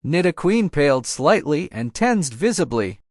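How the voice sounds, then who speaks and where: A man reading a fan fiction audiobook aloud in a steady storybook manner. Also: on the high side, measured pace, no room sound, clean studio sound. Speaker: audiobook narrator.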